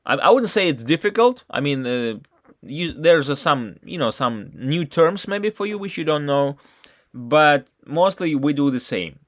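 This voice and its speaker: A man tutoring a student in he did not learn first, talking haltingly with many false starts and frequent questions. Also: fairly high pitch, expressive. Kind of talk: casual one-on-one lesson talk.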